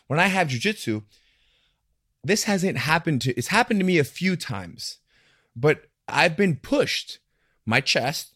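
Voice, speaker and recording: A man in casual podcast conversation, talking in an animated way and acting out the voices he quotes. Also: mid-range voice, dry recording, clean studio sound.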